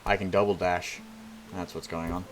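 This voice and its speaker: A man's voice: deep voice, flat delivery, moderate pace, over loud music. A man commenting casually on a game as he plays, with blunt, profane reactions. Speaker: game streamer. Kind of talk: let's play commentary.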